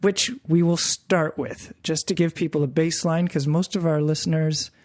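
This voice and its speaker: A woman's voice: sits low, fairly even intonation, normal speed, a little mellow, no room sound, studio quality. A woman with an English Canadian accent hosting a podcast interview, playful and self-deprecating. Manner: self-deprecating, playful, stumbles over foreign names. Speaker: podcast host.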